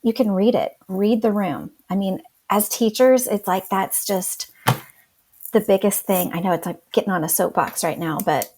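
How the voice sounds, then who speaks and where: A woman teacher being interviewed, talking in a lively way and acting out what she says in class. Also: medium pitch, moderate pace, husky. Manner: animated, acts out classroom talk in quotes. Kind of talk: casual interview talk.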